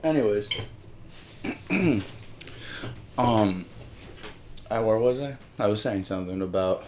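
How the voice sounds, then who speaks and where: A man's voice: fairly low pitch, lively intonation, slow pace, background noise. A young man from Miami rambling casually on camera, with many restarts and some swearing, moving between English and Spanish. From Miami, Florida. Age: young adult. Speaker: solo video host. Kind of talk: casual monologue.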